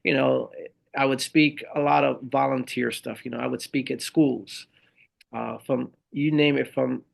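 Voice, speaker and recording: A middle-aged man, a Marine veteran and speaker, telling his stories in an animated, conversational way as a podcast guest. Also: mid-range voice, unhurried, gravelly. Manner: animated storyteller who acts out the voices of others. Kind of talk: conversational interview storytelling.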